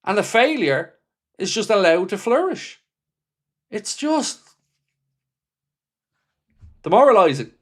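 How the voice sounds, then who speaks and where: A man's voice: high voice, big pitch swings, takes it slowly, long pauses, a bit bright. A man hosting a football fan livestream, reading viewer comments and answering them bluntly, with passion and frequent swearing. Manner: impassioned, blunt, swears freely. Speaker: football fan channel host. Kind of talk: livestream reaction chat.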